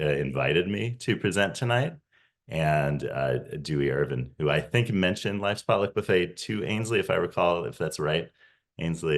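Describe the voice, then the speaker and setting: A man in his forties, a podcast host, talking to a reunion audience over a video call with lots of "uh" and restarts. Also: extremely low pitch. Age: 40s. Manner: hesitant, many fillers and restarts. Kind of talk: casual talk to a reunion audience.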